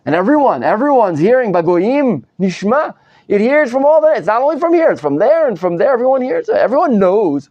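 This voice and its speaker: Animated male rabbi teaching a class. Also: very high voice, a little fast, dry recording, dull audio. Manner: animated, dramatizes the text, frequent restarts. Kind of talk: live Bible study lecture. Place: study hall with students.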